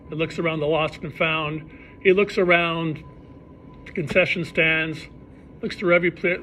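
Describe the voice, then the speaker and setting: A rabbi telling stories to a live audience, animated and acting out the people in them. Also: male voice, fairly high pitch, moderate pace, a little hiss or hum. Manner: animated storyteller, acts out characters' voices. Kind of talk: storytelling talk to a live audience.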